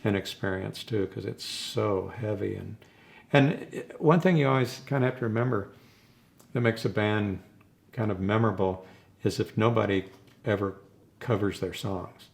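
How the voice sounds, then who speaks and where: A man's voice: on the low side, normal speed, gravelly. An older man, a rock drummer, reminiscing in a rambling, casual way during an interview and chuckling between his stories.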